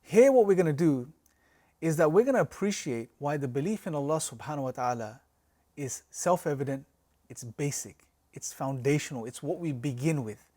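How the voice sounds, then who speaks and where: A man's voice: a little high, darkish tone. A man teaching a recorded religious lecture, explaining with rhetorical questions and a storytelling analogy. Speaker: course teacher.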